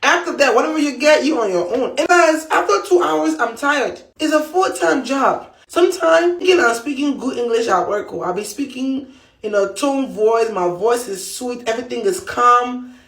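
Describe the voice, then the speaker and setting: An animated woman from Africa tells a comic, self-mocking story. Her voice sits a little high. The room around her is echoey. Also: moderate pace. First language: an African language. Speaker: healthcare worker.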